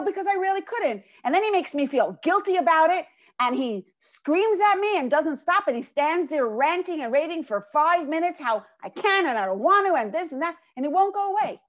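A woman voicing a whining, overwhelmed young male student who complains that everything happens to him. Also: sits high. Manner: aggrieved, complaining rant. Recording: dull lo-fi recording.

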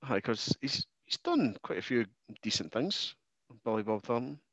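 A man, co-hosting a podcast in casual chat, relaxed and rambling, trailing off quietly. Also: medium pitch, normal speed, no room sound. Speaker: podcast co-host.

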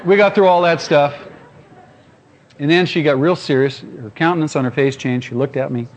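A man's voice: a little high, normal speed. A man preaching to a congregation, telling a personal story with humor and speaking straight to his listeners. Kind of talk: storytelling sermon.

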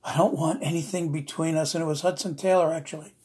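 A man preaching an emotional sermon, earnest and repetitive, slowing down to stress his words. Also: on the high side, steady tone, darkish tone, slightly rough. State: emotional, near tears.

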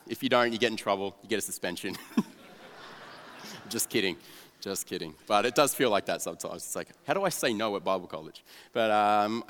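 Self-mocking young man in a hall. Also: lowish voice. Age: young adult. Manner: self-mocking, animated, drops to a flat mumble for cynical asides. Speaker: youth pastor telling his testimony. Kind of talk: storytelling talk to an audience. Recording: long reverb of a large hall.

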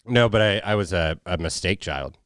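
Low-voiced laughing podcast man. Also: animated, normal speed, no room sound, studio quality. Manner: laughs often, crude jokes, loose storytelling. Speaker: podcast co-host. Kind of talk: casual podcast chat.

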